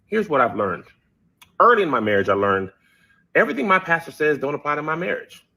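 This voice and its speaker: A man's voice: fairly high pitch, wildly swooping pitch, fast, bright, forceful tone, breathy edge. A married man giving wry, conversational commentary with mocking quoted voices. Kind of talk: conversational talk.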